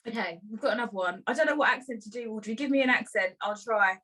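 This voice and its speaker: A woman's voice: on the high side, fast. Chatty young woman hosting a podcast. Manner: chatty, expressive, reads letters aloud. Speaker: podcast host. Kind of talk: casual podcast chat, reading listener letters.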